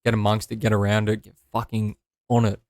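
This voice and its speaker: A man co-hosting a podcast, upbeat and quick to agree in casual banter. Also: on the low side, completely flat delivery, darkish tone, dry recording. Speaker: podcast co-host.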